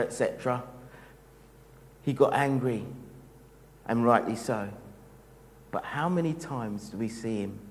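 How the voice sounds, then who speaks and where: A man preaching a sermon in a gentle, reflective, unhurried way. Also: medium pitch, big-room sound, low-quality recording.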